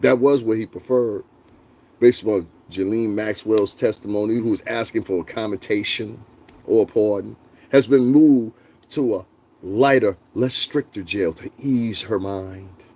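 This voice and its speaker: A man's voice: lowish voice, measured pace, darkish tone, a little hiss or hum. A young man hosting a casual live stream, talking bluntly and profanely, laughing often and answering his chat. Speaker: livestream host.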